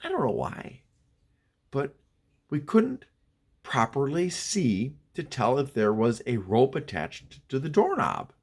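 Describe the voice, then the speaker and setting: A man spinning a spooky childhood tale in a loose, chatty way, often restarting and turning aside to the listener. His pitch moves around a lot as he builds the suspense. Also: wildly swooping pitch, takes it slowly. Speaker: storyteller. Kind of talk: casual spoken horror storytelling.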